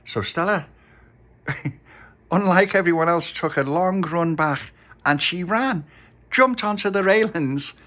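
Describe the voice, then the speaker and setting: A man telling a children's story in an animated way, often chuckling. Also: sits high, takes it slowly, pauses often.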